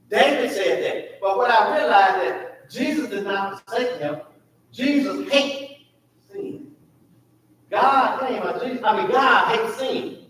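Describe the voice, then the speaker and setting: A man teaching a church Bible class, animated, asking the class questions and acting out the prayers. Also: extremely high pitch, unhurried. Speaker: Sunday school teacher. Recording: echoey room, mic far off, faint noise.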